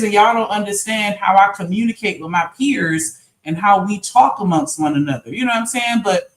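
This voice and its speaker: High-voiced earnest man in echoey room. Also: a little fast, few pauses, fairly bright tone. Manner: earnest, explaining himself at length. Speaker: panelist. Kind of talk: casual live-stream panel talk. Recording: roomy echo.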